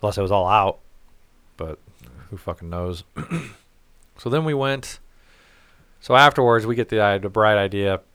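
A man's voice: lowish voice, normal speed, long pauses, fairly bright tone, clear, resonant tone, no echo. A man telling a rambling, profane story in casual chat. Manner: rambling, profane, laughs at his own story.

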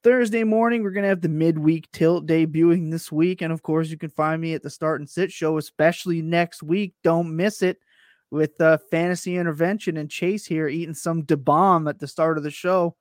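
A man with a fairly high voice talks in quick, animated bursts, tripping over his words as he goes. The sound is dry and close. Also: no room sound. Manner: animated, self-deprecating, stumbles over words. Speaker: podcast guest. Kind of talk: casual chat.

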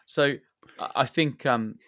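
A man's voice: mid-range voice, slow, fairly bright tone, no echo. A man hosting a casual podcast, laughing often and restarting his sentences. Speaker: podcast host.

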